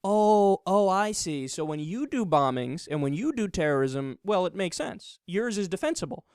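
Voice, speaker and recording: A man giving heated, sarcastic political commentary, mocking his opponents and sometimes rising to an angry near-shout. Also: sits high, big pitch swings, moderate pace, smooth, no echo, clean studio sound. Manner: sarcastic, mocking, mimics opponents in put-on voices.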